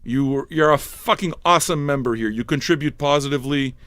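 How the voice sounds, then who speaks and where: A man hosting a livestreamed record show, ranting with constant swearing, yelling and mocking impressions. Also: medium pitch, a little fast, dry recording. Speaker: livestream radio DJ. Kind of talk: profane comic rant.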